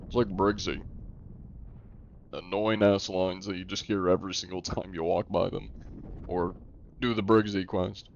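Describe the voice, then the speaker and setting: A man's voice: sits low, flat delivery, normal speed, creaky, pauses often, dull audio, a little hiss or hum. A young man streaming live, chatting casually with viewers and joking at his own expense. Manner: jokey, self-deprecating, answers chat.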